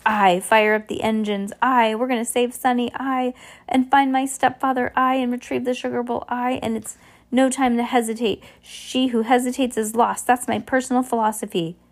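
A woman's voice: on the low side, steady tone, brisk, close to an everyday voice. A woman voicing a fierce, tearful young woman who has taken charge of a submarine, speaking insistently. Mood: commanding. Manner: insistent, commanding.

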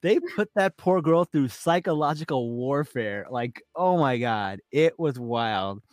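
A man's voice: medium pitch, animated, measured pace, dry recording, studio quality. A man co-hosting a podcast, chatting casually and upbeat about a reality show, often repeating words and laughing along. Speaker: podcast co-host.

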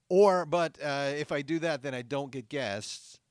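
A man's voice: fairly high pitch, dry recording, clean studio sound. A man hosting an improvised comedy podcast, giggly and eager as he plays along. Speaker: podcast host.

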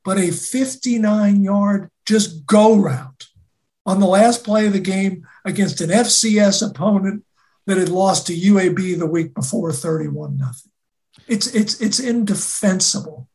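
A college football co-host talking in a deliberate, halting way, often repeating words as they start. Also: mid-range voice, a little mellow. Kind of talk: casual sports talk.

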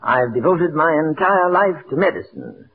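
An impressionist putting on a high, swooping, pompous surgeon who speaks in grand, flowery phrases about his noble calling. The sound is a tinny, narrow 1940s radio broadcast with a faint hum underneath. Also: big pitch swings, moderate pace, gravelly. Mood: grandly earnest. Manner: pompous, flowery speech that drops into a plain aside. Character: suave, grandly sincere man posing as a visiting surgeon.

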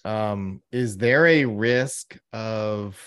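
A man's voice: on the low side, drawn-out words, a bit bright, clean tone. A man co-hosting a podcast in casual chat, reading out news items and joking about them. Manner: jokey, reads out news items and riffs on them. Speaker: podcast co-host.

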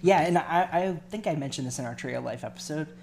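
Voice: mid-range voice, quick pace, creaky, a little mellow. Thoughtful co-host with a faint hum. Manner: thoughtful, hesitant, many restarts. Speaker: podcast co-host. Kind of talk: casual film discussion.

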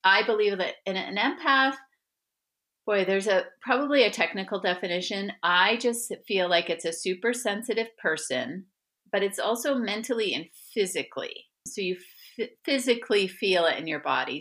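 A middle-aged woman telling personal stories as an interview guest, lively and often acting out the voices of others. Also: fairly low pitch. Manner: animated, acts out quoted voices, laughs often. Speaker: guest author. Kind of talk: conversational storytelling interview.

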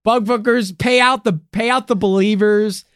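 A man's voice: high voice, normal speed, clear, resonant tone, dry recording, studio quality. A man hosting a casual podcast, telling stories in a joking, profane way. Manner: profane, joking, animated storytelling. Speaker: podcast host. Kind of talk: casual conspiracy podcast chat.

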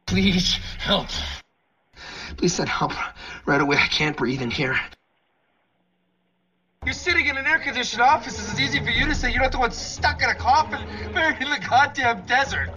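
Actor as desperate buried-alive man, high frantic cries, noisy clip. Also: a little slow, long pauses, lightly acted. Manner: desperate, pleading, screaming and cursing. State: out of breath. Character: panicked man buried alive in a wooden coffin. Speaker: prank soundboard clip.

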